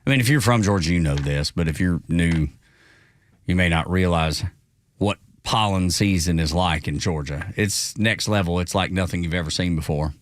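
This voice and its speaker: A man's voice: sits low, normal speed, no room sound. A man hosting morning talk radio, chatty and folksy, sounding congested as he chats and reads an ad. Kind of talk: casual talk radio chat and live-read ad. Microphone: studio microphone.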